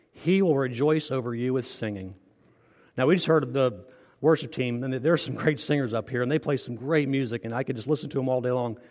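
A pastor preaches in a large church hall, earnest and conversational, putting direct questions to the congregation. His voice is medium in pitch.

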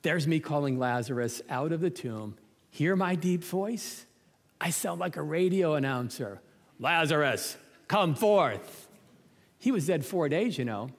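Man doing a high, bragging showman in a reverberant hall, chummy and pleased with himself. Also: expressive, measured pace. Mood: proud. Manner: chummy, show-off, nudging listeners. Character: boastful, playful grown man proudly narrating his own deeds.

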